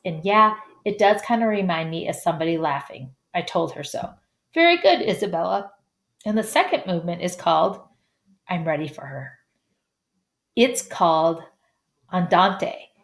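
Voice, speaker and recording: A woman reading a first-person story aloud who stumbles over hard names, apologizes and makes asides. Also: fairly low pitch. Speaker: audiobook reader.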